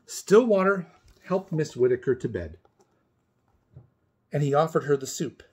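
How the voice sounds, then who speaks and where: Expressive man reading a picture book. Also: a little high, measured pace, husky. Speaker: storybook reader for kindergarten. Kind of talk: children's read-aloud narration.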